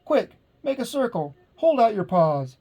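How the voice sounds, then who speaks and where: A man voicing a small, plucky young prairie dog who urges the others on in a raised, excited voice. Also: normal speed, slightly rough, exaggerated voice. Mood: commanding. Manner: high excited urging.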